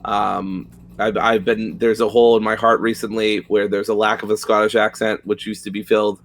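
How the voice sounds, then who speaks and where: A man's voice: lowish voice, little pitch movement, moderate pace, slight background noise. A young man co-hosting a casual gaming podcast, talking with loose, enthusiastic energy and casual swearing. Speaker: podcast co-host.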